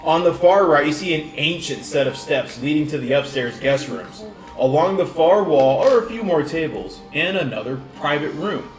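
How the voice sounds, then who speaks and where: Game master, male, halting descriptive narration, roomy and distant with soft music. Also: on the high side. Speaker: dungeon master. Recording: echoey room, distant mic, faint music.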